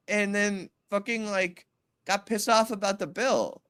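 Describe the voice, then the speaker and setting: A woman co-hosting a podcast, chatting casually in an animated way, swearing and cutting in often. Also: mid-range voice. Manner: animated, swearing, quick interruptions. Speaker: podcast co-host. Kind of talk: casual chat.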